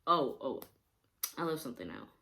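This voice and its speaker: Young woman, vlogger, rambling casual storytime, frequent laughs, filler words, fry in voice. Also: a bass voice, very animated, normal speed, sharp tone.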